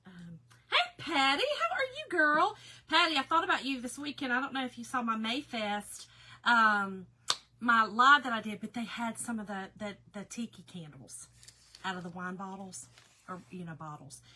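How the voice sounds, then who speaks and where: A woman in her fifties, a little hoarse, chatting casually with viewers by name during a crafting live stream. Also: medium pitch, sharp tone, a little hiss or hum. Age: 50s. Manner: chatty, talks to viewers by name, laughs often. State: slightly hoarse, recovering.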